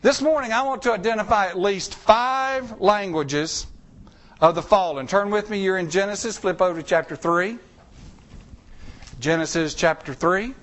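Preaching as the pastor, this man has a fairly high voice and a folksy, conversational delivery. His pitch swings up and down as he drives his points home. He speaks at a normal speed with a slightly bright tone.

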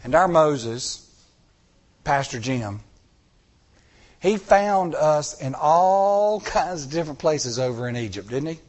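A man's voice: on the high side, animated, slow, pauses often, a little mellow. A middle-aged man preaching a sermon, telling stories with acted-out dialogue and repeating phrases for emphasis. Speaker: church elder preaching.

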